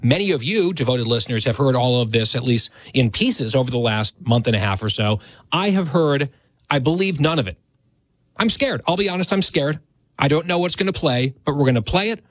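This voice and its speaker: A male radio host in his thirties talks straight into a studio microphone, his voice very dry and close with no room sound at all. His pitch sits at an ordinary middle level. His manner is conversational and a little self-deprecating. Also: animated, brisk, no echo. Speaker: radio talk show host. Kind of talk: radio talk show monologue.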